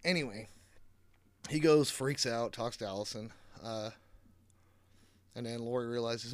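A man's voice: medium pitch, unhurried, pauses often, dry recording. A man giving a casual, rambling movie recap, swearing often, sarcastic and full of fillers, on a close mic. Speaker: movie reviewer.

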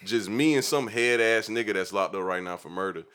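A very deep male voice with a forceful, bright edge, speaking. He hosts a casual podcast and tells long, profane stories full of fillers. His delivery is loose and unhurried. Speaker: podcast host.

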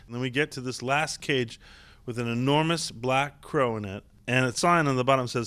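A man, an actor guest, telling lively anecdotes in a casual interview and laughing often. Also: mid-range voice, normal speed, smooth. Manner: animated, laughing raconteur.

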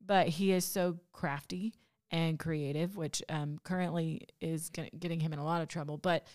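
A woman hosts a relaxed podcast conversation, her voice sitting on the lower side. She talks in a chatty, easygoing way, laughs often and restarts her sentences as she goes. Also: normal speed. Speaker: podcast host. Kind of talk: casual conversational interview.

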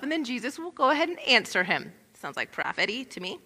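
A woman giving an expressive Bible teaching, acting out the scenes she describes. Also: a little high, quick pace, hardly any pauses, slightly rough, in a large hall. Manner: expressive, acts out scenes in quoted voices.

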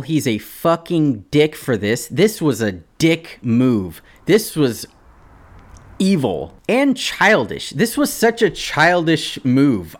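Guy on a podcast reading a post then ranting about it, swears a lot, mid pitched. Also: fairly bright tone. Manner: indignant, swearing, mocking voices in quotes. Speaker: podcast host. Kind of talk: casual podcast chat reading forum posts.

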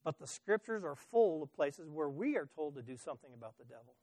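A middle-aged male preacher delivering a sermon in a fairly high voice, building stories with emphatic stresses and the odd stumbling restart. The recording is close and dry, with almost no room echo. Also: big pitch swings, fairly quick, a little mellow.

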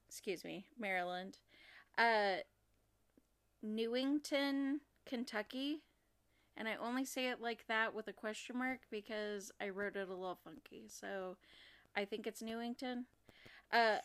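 A young woman from Oregon co-hosts a casual true-crime podcast, speaking haltingly with lots of fillers and restarts. Her medium-pitched voice is clear, resonant, and a bit bright, with fairly even intonation.

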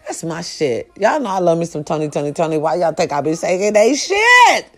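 A middle-aged woman chatting casually and loudly to her viewers, swearing freely and breaking into snatches of song. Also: low-pitched, fast talker. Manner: loud, profane and animated, with sung snippets. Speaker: live-stream host.

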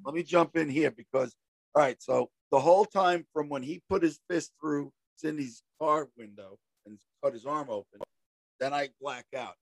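A man telling a story in casual talk with a friend, animated and acting out shouted quotes. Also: a little high, moderate pace, gravelly, no room sound.

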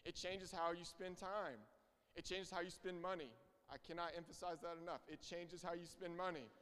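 A man's voice: sits high, steady tone, normal speed, a bit bright, clear, resonant tone. A young man preaching a sermon, earnest and emphatic, repeating his key phrases. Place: church hall. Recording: reverberant hall.

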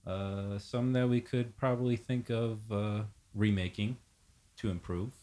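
A man hosting a casual podcast, introducing the next topic with many hesitant pauses. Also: lowish voice, fairly even intonation, mellow. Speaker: podcast host leading segment. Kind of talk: casual talk, segment intro.

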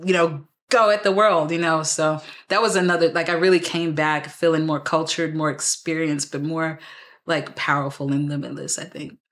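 A young woman with a Texan accent, chatting as a podcast guest in an animated, rambling way full of fillers. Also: low voice, moderate pace. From Houston, Texas. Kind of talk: casual conversation.

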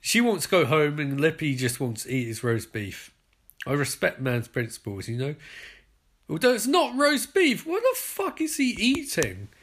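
British male podcaster, animated pitch, bit higher than most, sarcastic running commentary, swears freely. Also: moderate pace. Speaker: podcast host.

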